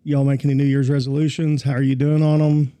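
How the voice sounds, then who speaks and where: A man's voice: mid-range voice, little pitch movement, fast talker, warm tone. A man, co-hosting a podcast and chatting easily, steering talk with questions. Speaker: podcast co-host. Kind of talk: casual chat.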